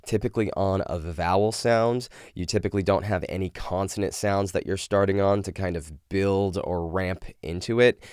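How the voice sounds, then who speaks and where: A man's voice: deep voice, smooth, dry recording, studio quality. A young man teaching vocal technique, explaining and demonstrating exercises in an instructional video. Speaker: vocal coach.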